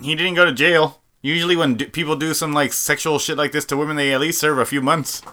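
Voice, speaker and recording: A man's voice: a little high, steady tone, quick pace, bright, forceful tone. A man co-hosting a casual podcast chat, blunt and profane, giving strong opinions. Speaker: podcast co-host.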